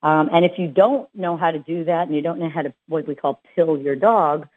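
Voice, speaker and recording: A woman's voice: sits low, brisk. Chatty woman dog trainer on a tinny line. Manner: chatty, with many fillers and restarts. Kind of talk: casual advice talk. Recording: tinny phone-like sound.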